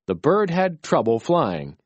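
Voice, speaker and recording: A narrator reading a children's storybook chapter aloud slowly and expressively. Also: medium pitch, huge pitch swings, slightly rough, no echo, dull audio.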